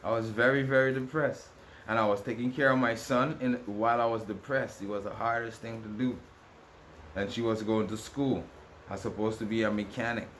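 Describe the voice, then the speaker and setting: A man's voice: lowish voice, fairly even intonation, a little fast, a bit bright, slight background noise. A man vlogging to camera in a rambling, repetitive, aggrieved rant with many restarts. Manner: ranting, aggrieved. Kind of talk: casual monologue to camera.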